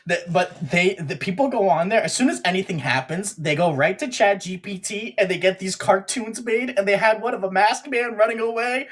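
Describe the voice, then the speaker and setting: A man's voice: high voice, normal speed, few pauses, a bit bright. A man chatting casually as a guest, rambling with many fillers. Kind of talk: casual chat.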